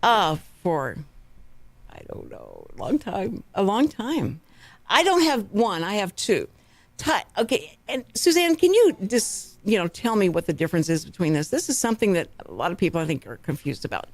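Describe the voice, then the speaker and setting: Texan woman host, lively storyteller, studio mic, dry sound. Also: mid-range voice, normal speed, no echo. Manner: chatty, animated storytelling with laughs. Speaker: radio talk show host. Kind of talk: casual radio chat. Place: radio studio. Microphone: studio microphone.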